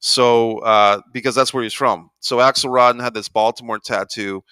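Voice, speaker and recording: A man's voice: mid-range voice, fairly even intonation, moderate pace, bright, forceful tone, clean tone, no echo, rough recording. A man co-hosting a podcast, rambling through stories in a laid-back, casual way with lots of fillers. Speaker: podcast co-host. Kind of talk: casual chat.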